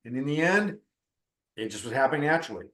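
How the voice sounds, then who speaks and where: This middle-aged counselor and spiritual teacher shares a story about spiritual practice, chatting naturally and voicing the quoted lines. He talks at a quick pace with lively intonation, a medium pitch and a fairly bright tone, in reverberant acoustics.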